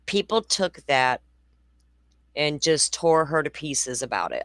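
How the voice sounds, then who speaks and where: A woman's voice: low voice, big pitch swings, slow pace, no room sound. A woman in her forties hosting a true crime show, talking in a chatty, blunt way with rambling asides. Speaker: true crime podcast host. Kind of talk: casual livestream commentary.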